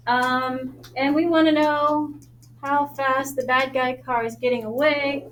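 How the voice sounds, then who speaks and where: A woman math teacher with a Long Island accent, teaching a class in a brisk, joking way and quizzing her students. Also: high voice, fairly even intonation, fairly bright tone. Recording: echoey classroom, faint noise.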